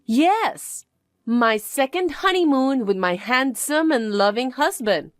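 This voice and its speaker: A shrill, spoiled young stepsister with a sing-song, swooping delivery, as a woman puts her on in a dramatized story. She sounds condescending and demanding, and her words come out slow and drawn out. The voice is close and dry, with faint music underneath. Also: animated, no room sound. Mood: smug, bratty.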